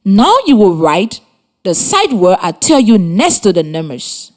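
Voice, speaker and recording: Teaching reading to children by radio, this Liberian woman speaks slowly and distinctly, prompting them with encouraging questions. Her mid-range voice moves through big swings in pitch.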